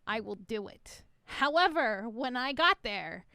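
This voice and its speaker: A young woman tells a rambling story on her podcast in a bright, high voice, laughing and swearing freely as she goes. The sound is dry and close, with no room around her. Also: lively intonation, a little slow, vocal fry, smooth, no echo. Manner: swears often, laughs through stories. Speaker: podcast co-host. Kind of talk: casual chat.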